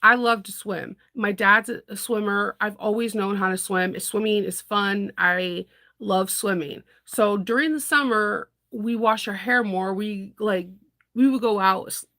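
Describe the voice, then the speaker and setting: Woman content creator, casual rambling chat, bright tone with some fry. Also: mid-range voice, unhurried. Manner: rambling, frequent laughter, animated storytelling.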